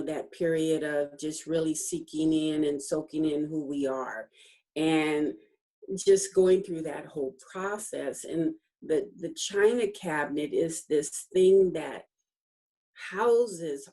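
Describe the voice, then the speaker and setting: A middle-aged woman, a guest author, telling a personal story in a casual interview, acting out the dialogue and laughing often as she remembers. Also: low-pitched. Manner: animated storytelling, acts out quoted dialogue; laughs often while recalling.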